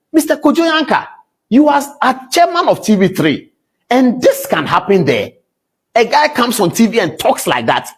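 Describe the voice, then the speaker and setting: A Ghanaian man on a TV news show, indignant and scolding as he fires off rhetorical questions. His voice is a little husky, and his pitch leaps widely from line to line. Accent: Ghanaian English. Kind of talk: heated commentary.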